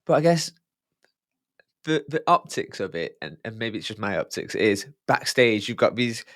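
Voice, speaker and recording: A man's voice: fairly low pitch, big pitch swings, normal speed, a bit bright, no room sound, clean studio sound. A man hosting a podcast, asking rambling, self-correcting questions in casual talk. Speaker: podcast host.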